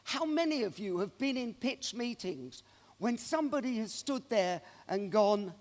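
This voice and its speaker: His voice is extremely high, and he keeps a measured pace while giving a keynote address. He's an animated storyteller, sharing anecdotes with an audience in a large conference hall, and the long hall reverb is audible throughout.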